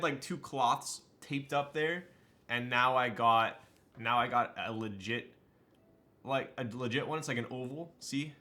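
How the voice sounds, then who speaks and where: A young Southern Californian man with a mid-range voice chats casually with viewers on a live stream as light music plays behind him. He's laid-back and slangy, laughing often and packing his talk with fillers like "um" and "like."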